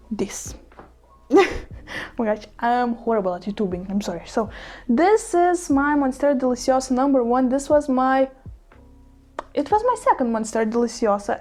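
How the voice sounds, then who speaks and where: A woman with a high, darkish voice vlogs casually at home, showing off her plants. She gushes bubbly and giggles often, adds apologetic asides, and speaks English as a second language with small slips.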